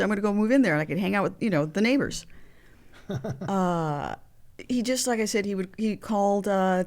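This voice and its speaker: A woman in her sixties, a guest telling candid personal stories in an interview, acting out the phone calls she recounts. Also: lowish voice. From Mexican heritage. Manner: animated, acts out phone calls in quoted voices.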